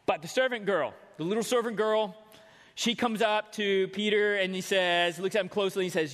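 A man preaching a sermon in a casual, animated storytelling way, acting out the voices of the people in the story. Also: high voice, normal speed. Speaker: pastor. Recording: long hall reverb.

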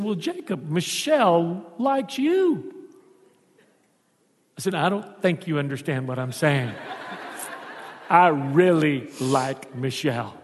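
A man's voice: on the high side, breathy edge. A man from Texas, a pastor, telling a personal story in a sermon and acting out the voices of the people in it. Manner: animated storyteller acting out dialogue. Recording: long church hall reverb.

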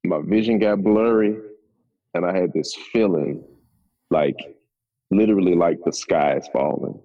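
A man's voice: deep voice, unhurried, phone-quality sound. A man, a podcast guest telling his story in a laid-back, conversational way. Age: 30s. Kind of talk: casual storytelling.

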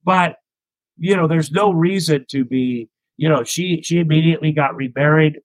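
A man's voice: a little high, moderate pace, no room sound, poor audio. Rambling middle-aged man, dry close sound. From United States. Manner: rambling, self-deprecating, frequent restarts. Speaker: interview guest, comedian. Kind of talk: candid anecdotal storytelling.

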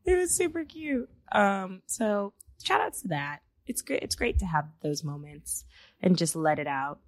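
A woman's voice: mid-range voice, measured pace, no echo, studio quality. A young woman co-hosting a casual chat podcast, telling stories with lots of laughter and acted-out quotes from her home office. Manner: animated storytelling, laughs often, acts out quotes. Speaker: podcast co-host.

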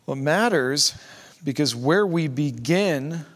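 A man's voice: a little high, animated, takes it slowly. A man preaching a sermon as pastor, conversational, with rhetorical questions and asides to his congregation. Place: church sanctuary. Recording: long hall reverb.

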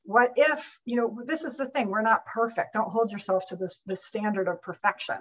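A woman guest on a webinar, telling an animated, lively anecdote. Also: medium pitch, moderate pace, muffled recording. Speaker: guest speaker. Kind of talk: webinar storytelling.

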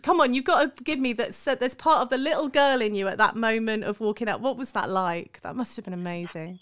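A woman's voice: on the high side, brisk, fairly bright tone. A woman hosting an interview, enthusiastic and encouraging her guest. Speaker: host. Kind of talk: casual interview chat.

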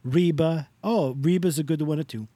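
A man's voice: fairly high pitch, normal speed, warm tone, no echo, close to an everyday voice. A man on a podcast putting on a comic voice as a doting, effusive Italian-American greeter who talks in an over-the-top welcoming way. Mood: gushing. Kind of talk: comic character bit on a podcast.

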